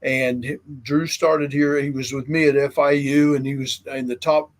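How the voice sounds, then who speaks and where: A man's voice: mid-range voice, level tone, normal speed. A man in his sixties, a longtime football coach, talking as a guest in an earnest, rambling way with lots of fillers. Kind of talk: casual interview chat.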